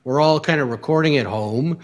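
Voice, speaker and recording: A man hosting a casual interview, eager and quick to chime in with agreement. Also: on the high side. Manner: eager, lots of "yeah" backchannel. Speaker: interview host. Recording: long reverb in the room.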